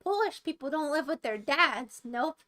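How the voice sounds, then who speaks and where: A woman's voice: high voice, expressive, moderate pace, bright, forceful tone. A young American woman streaming, chatting casually and playfully taunting her chat with mock boasts. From United States. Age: young adult.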